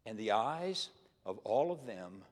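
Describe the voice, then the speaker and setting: A man's voice: on the low side, very animated, slow pace. A retired pastor in his sixties preaching a sermon, telling personal stories in an earnest way and often repeating his words. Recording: long reverb of a large hall.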